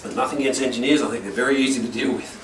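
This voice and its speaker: A man's voice: mid-range voice, racing. A man, a corporate trainer telling stories to a workshop audience and often checking for agreement. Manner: energetic storytelling, asks the room for agreement. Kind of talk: workshop talk to a live audience. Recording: roomy and distant, with noise.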